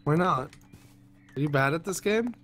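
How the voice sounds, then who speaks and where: A man's voice: on the high side, lively intonation, moderate pace, fairly bright tone, slight background noise. A man in casual gaming banter, joking and needling his friends. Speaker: gamer.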